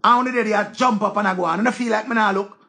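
A man's voice: sits high, rapid-fire, creaky, pushed and bright. A man with a Jamaican accent ranting to viewers in a heated, scolding way, swearing freely. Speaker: online commentator. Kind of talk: casual rant to viewers.

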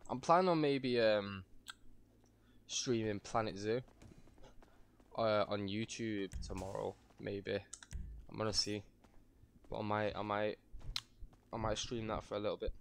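A man's voice: on the low side, a little slow, long pauses, slight background noise. A man streaming a game, rambling and self-mocking as he plays and swearing freely. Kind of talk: casual gameplay commentary.

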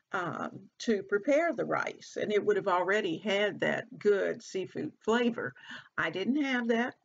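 A woman's voice: mid-range voice, gravelly, slightly rough, muffled recording. A woman hosting her cooking channel from her home kitchen, chatting casually as she walks viewers through each step of a recipe.

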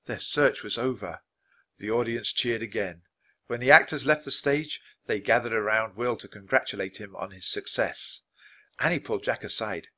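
A man reading a children's book aloud, clear, steady and expressive. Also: lowish voice, normal speed. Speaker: story reader.

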